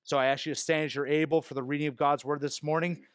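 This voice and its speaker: Higher-voiced pastor preaching, dry sound. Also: male voice, flat delivery, fast talker, clear, resonant tone, no room sound. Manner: earnest preaching with self-deprecating asides; hushed, low prayer voice. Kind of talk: expository sermon. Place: church sanctuary.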